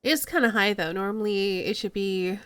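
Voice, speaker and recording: A woman's voice: mid-range voice, moderate pace, a bit bright, clean tone, no room sound. A woman streamer chatting casually and reading a game aloud, talkative and self-deprecating.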